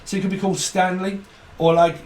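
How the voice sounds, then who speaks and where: A man's voice: high voice, flat delivery, a little fast, darkish tone, roomy sound, recorded from a distance, a little hiss or hum. A man giving a rambling, profane tarot reading, laughing often as he talks. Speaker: tarot reader.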